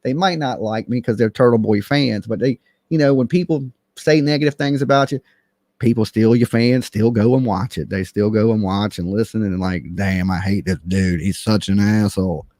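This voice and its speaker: A man's voice: mid-range voice, moderate pace, warm tone, no echo, studio quality. A man hosting a true crime livestream, ranting in a profane, mocking and combative way.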